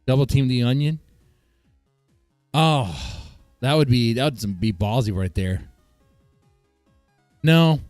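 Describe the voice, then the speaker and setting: A man's voice: medium pitch, takes it slowly, pauses often, a little mellow, dry recording. A man streaming live, reacting with bemused chatter to his viewers and stammering when surprised. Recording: dry close mic with faint guitar music.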